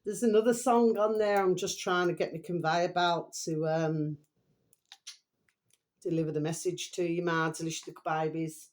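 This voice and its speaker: A middle-aged woman talking casually to her viewers, drifting from one thought to the next in a loose, rambling flow. Her voice sits a little low for a woman, and she speaks without a script. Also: steady tone, normal speed, a little mellow. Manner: rambling, keeps repeating a pet phrase to viewers. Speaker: vlogger. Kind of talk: casual unrehearsed chat to camera.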